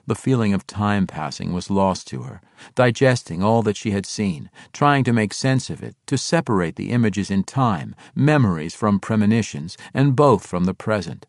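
Expressive male fantasy audiobook narrator. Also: lowish voice, normal speed, vocal fry, no echo, clean studio sound. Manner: expressive, dramatic.

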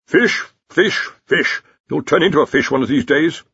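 A pompous older wizard dean, as a man voices him, shrill, fussy and scolding, pitched well above the reader's own voice. Husky and dry, close to the mic, slightly dull in tone. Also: expressive, normal speed, a bit bright, no room sound, heavily acted. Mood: indignant. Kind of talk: audiobook character voice.

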